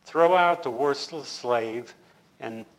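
Stern master judging his servants, read plainly by a male teacher, slow and emphatic. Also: medium pitch, poor audio. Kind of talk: scripture reading.

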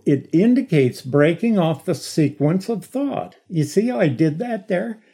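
A middle-aged man teaching a Bible study lecture, explaining slowly and stressing key words with emphatic repetition. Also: high voice, expressive, dark tone, breathy edge.

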